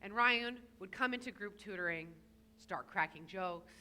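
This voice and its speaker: A woman's voice: mid-range voice, moderate pace, pushed and bright, slight background noise. A woman rabbi giving a sermon to a young congregant in a synagogue, telling stories with playful asides. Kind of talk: sermon addressed to a bar mitzvah child. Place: synagogue sanctuary.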